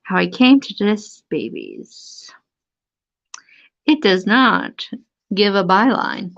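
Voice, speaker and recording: A woman's voice: mid-range voice, huge pitch swings, slow, gravelly, fairly bright tone. A woman hosting a casual live stream, amused and chatty, reading aloud from an old magazine with theatrical emphasis. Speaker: antique book seller hosting a live stream. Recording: dull lo-fi live stream audio.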